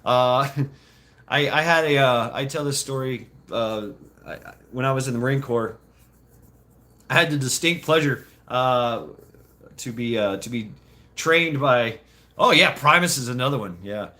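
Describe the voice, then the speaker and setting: A middle-aged man chatting casually and rambling, laughing often and slipping into quick put-on voices. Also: mid-range voice, pushed and bright. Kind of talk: casual chat.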